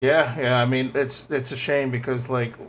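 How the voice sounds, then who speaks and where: A man taking part as a player in a tabletop game, speaking haltingly with many restarts. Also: mid-range voice, flat delivery, a little hiss or hum.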